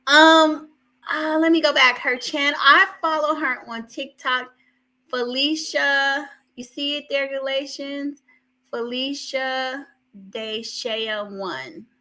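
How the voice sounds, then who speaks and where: A woman hosting a livestream, chatting in an unhurried way and thinking aloud. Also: high-pitched, fairly even intonation, sharp tone. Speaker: livestream host. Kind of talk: casual livestream chat.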